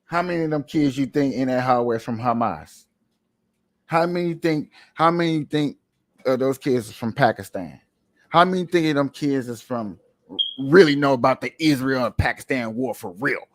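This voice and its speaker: A man giving casual commentary to viewers as he plays a clip, animated and ranting, repeating himself often. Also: medium pitch, moderate pace. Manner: animated, repetitive, rambling rants; talks to viewers while playing a clip.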